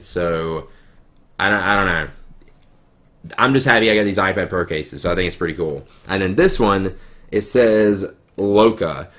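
Southern dude talking low and rambly, kinda sick and coughy, livestreaming an unboxing from home on a webcam. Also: male voice. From American South. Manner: rambling, filler-heavy, excitable. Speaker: YouTuber. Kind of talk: live-streamed unboxing chat. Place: home room, girlfriend nearby.

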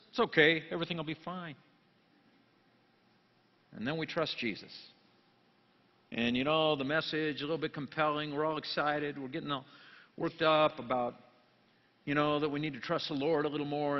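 A pastor giving a jokey sermon, dropping to quiet asides and then rising into loud, emphatic bursts. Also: male voice, a little high, steady tone, moderate pace, pauses often. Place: church sanctuary. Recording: long church reverb, dull lo-fi sound.

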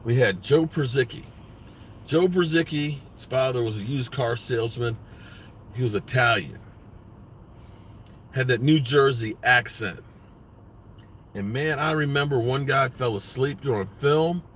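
A man's voice: medium pitch, unhurried, long pauses, a bit bright, slight background noise. A man hosting a sports vlog, ranting bluntly with lots of profanity. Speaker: sports vlogger.

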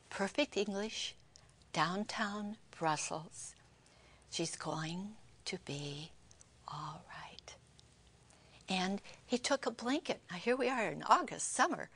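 An older woman tells a personal testimony to a television audience in a fairly low voice. She speaks with heartfelt emotion and often sinks to an unvoiced whisper. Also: fairly bright tone. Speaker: co-host of a Christian television program.

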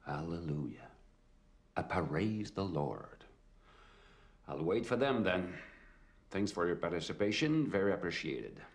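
An actor playing a defiant undercover cop with a Québécois French accent, sarcastic and quick to swear. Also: male voice, low voice, expressive. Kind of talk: film dialogue.

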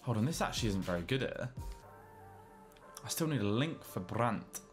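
A man's voice: fairly low pitch, expressive, moderate pace, soft background music. A young man hosting a video game session, chatting casually with a friend and laughing often. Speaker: gaming YouTuber host. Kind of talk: casual gameplay banter with a friend.

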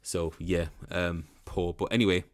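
A man's voice: deep voice, level tone, a little slow. A young man giving rambling, frank commentary in a casual reaction video. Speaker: reaction channel host.

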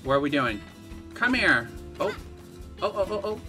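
A man giving excitable live gameplay commentary, gasping and laughing as he reacts to the game. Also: high-pitched, moderate pace, over music. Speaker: game streamer.

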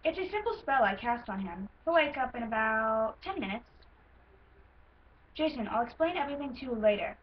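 A woman's voice: fairly high pitch, lively intonation, moderate pace, close to an everyday voice. Girl voicing Jasper, an American stallion. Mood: reassuring. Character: young male stallion horse, calm spell-caster. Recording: lo-fi with faint hiss.

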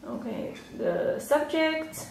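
A woman teaching a slow online Chinese lesson, patiently repeating words and filling pauses with "yeah" and "okay". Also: high voice, expressive, creaky, darkish tone, far from the mic, a little hiss or hum. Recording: echoey room, off-mic.

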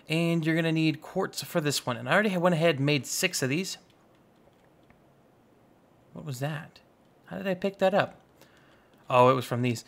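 A young man giving casual, goofy let's-play commentary, chatting excitedly with his viewers. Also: fairly high pitch, creaky. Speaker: gaming YouTuber.

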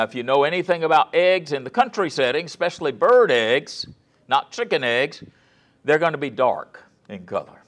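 Folksy male guest lecturer telling stories. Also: medium pitch. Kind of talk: lecture sermon with storytelling.

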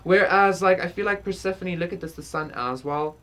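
Low-voiced rambling tarot reader woman. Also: fairly quick, a bit bright, slight background noise. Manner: rambling, frequent fillers, swears casually, laughs. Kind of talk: casual spiritual reading to camera.

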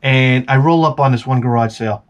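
A man with a young son, telling a rambling, animated story as a toy collecting vlogger. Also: mid-range voice, brisk, muffled recording, a little hiss or hum. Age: adult with a young son. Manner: rambling, animated, acts out quoted voices. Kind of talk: casual storytelling monologue.

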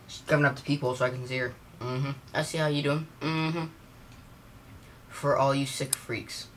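A man's voice: mid-range voice, steady tone, moderate pace, fairly bright tone. Young male gamer commentary, cursing and frustrated, noisy mic. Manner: swearing, frustrated outbursts at the game. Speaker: gaming YouTuber. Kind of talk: casual gameplay commentary.

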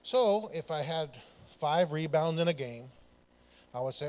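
Male preacher, slightly higher voice, lively storyteller, sermon in church. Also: normal speed. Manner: animated, loud bursts, laughing, acts out dialogue. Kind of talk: sermon with personal stories. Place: church sanctuary.

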